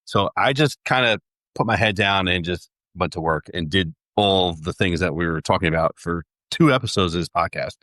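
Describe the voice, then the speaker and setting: A man with a low, deep voice talks as a podcast guest, a retired police sergeant. He speaks haltingly and often restarts his sentences. His humor is dry and deadpan, and the recording is close and dry. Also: dry recording. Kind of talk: casual podcast conversation.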